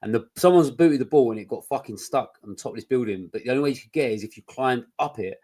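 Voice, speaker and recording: Fast-talking sweary man. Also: medium pitch, husky. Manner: sweary, animated storytelling. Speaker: podcast co-host. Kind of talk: casual chat.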